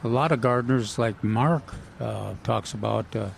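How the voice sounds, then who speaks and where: Gravelly man chatting about gardening. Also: mid-range voice. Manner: halting, many fillers and restarts. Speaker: gardening show co-host. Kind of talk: casual radio gardening chat. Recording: outdoor nursery with faint noise.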